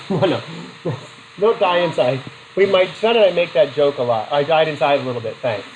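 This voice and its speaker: A man's voice: fairly high pitch, brisk, a little hiss or hum, rough recording. A middle-aged man teaching a psychology class in a chatty way, asking the students questions and telling personal stories. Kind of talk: classroom lecture.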